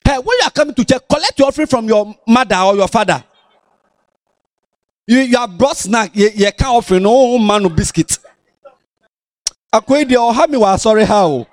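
A man's voice: extremely high pitch, normal speed, long pauses, no room sound, clean studio sound. A man with a Ghanaian accent preaching a sermon as pastor in a church, scolding and teasing his congregation. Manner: animated, scolding, playful.

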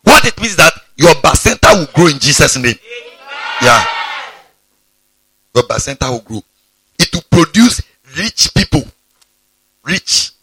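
A pastor preaching a sermon, breaking into sudden high exclamations. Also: male voice, sing-song, unhurried, pauses often, pushed and bright, slightly rough.

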